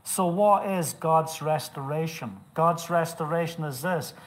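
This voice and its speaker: A male preacher telling a personal story in a sermon, swinging from hushed to loud and impassioned. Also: fairly high pitch, a little slow.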